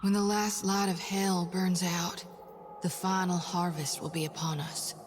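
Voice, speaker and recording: A woman voicing a video game character, a haunted woman tormented by visions of death, speaking in a hushed, often half-whispered, foreboding way. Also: lowish voice, level tone, measured pace, noisy background, natural voice. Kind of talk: voiced video game dialogue. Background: game music.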